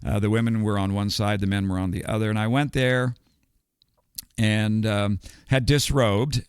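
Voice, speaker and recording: A man's voice: on the low side, steady tone, moderate pace, clear, resonant tone, dry recording, clean studio sound. An older man from the United States, a podcast guest telling a long story in a rambling, digressive way and chuckling between details. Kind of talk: casual storytelling.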